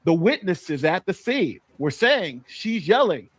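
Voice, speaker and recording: A man's voice: high-pitched, big pitch swings, unhurried, fairly bright tone, breathy edge, no echo. A man hosting a casual panel discussion, laying out an argument point by point. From New York. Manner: argumentative, builds a case point by point. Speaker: panel host.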